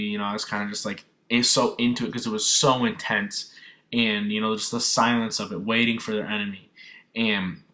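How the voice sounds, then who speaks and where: A man's voice: medium pitch, sharp tone. A young man, reviewing a film in an earnest, rambling way, with many fillers and restarts. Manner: earnest and moved. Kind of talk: casual emotional film review.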